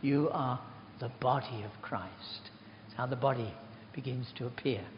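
A man's voice: mid-range voice, moderate pace, slight background noise. An older man giving an informal sermon, chatty and rambling, telling self-deprecating stories. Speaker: preacher. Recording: dull recording in a reverberant hall.

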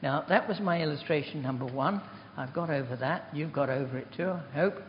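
An older man delivers a relaxed sermon full of rambling anecdotes and self-deprecating asides. His voice sits at an ordinary pitch and rings through a big hall with long reverb. The recording is dull and muffled, with faint noise behind him. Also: fairly quick. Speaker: preacher.

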